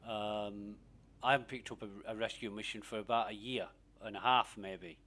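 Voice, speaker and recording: A man's voice: lowish voice, fairly even intonation, moderate pace, bright, forceful tone, a little hiss or hum. A man giving rambling, profane casual commentary while playing a game. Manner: rambling, profane, laughs easily. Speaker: gaming streamer.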